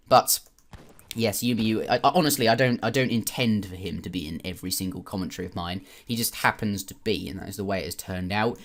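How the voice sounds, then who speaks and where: A man's voice: lowish voice, fairly quick. A British man giving casual, rambling commentary on a strategy game replay, with joking asides and some swearing. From Britain.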